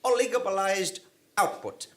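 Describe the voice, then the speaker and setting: A man's voice: high-pitched, normal speed, noisy background, close to an everyday voice. A man doing a pompous lecturing bureaucrat. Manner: pompous, lecturing with long words. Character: pompous long-winded male town bureaucrat.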